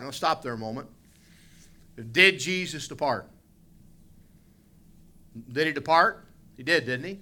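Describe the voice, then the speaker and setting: A middle-aged Southern US pastor preaching with a very bright, forceful voice that sits a little high for a man. He spins humorous stories and then climbs into emphatic preaching. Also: expressive, unhurried, pauses often. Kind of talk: sermon.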